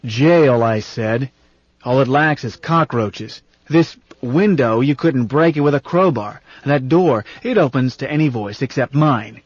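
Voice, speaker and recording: A gruff, irritable ancient man with a raspy, salty, grumbling delivery, as an audiobook reader puts him on. He is pitched a little higher and louder than the reader's own voice. The recording is dull and dry. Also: unhurried, no room sound, close to an everyday voice. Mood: indignant. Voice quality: rasp. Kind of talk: audiobook character reading.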